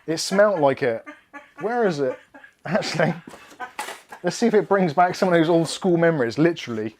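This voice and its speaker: A man's voice: fairly high pitch, expressive, moderate pace, a little mellow, a little hiss or hum. Chatty Bristol-accented man. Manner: chatty, joking and swearing freely. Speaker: tech livestream host. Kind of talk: casual live-stream chat. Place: indoors at a desk with laptop and cameras.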